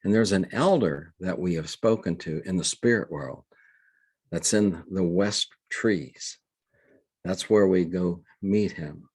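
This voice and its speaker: An older man speaks in a low, husky voice. He tells his story earnestly and in halting bursts, often restarting his phrases. The sound is dry and close, with no room echo. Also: darkish tone. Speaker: guest, reverend. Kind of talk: conversational storytelling.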